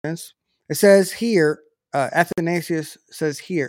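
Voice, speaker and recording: A man's voice: on the high side, moderate pace, no room sound, studio quality. Man teaching the Bible, loose and talky. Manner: conversational, frequent restarts and self-corrections.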